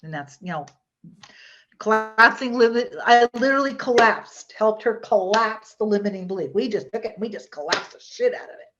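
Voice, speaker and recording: A woman's voice: a little high, lively intonation, normal speed, muffled recording, noisy background. A woman hypnotherapist teaching an online workshop in a chatty, rambling way, often restarting her sentences.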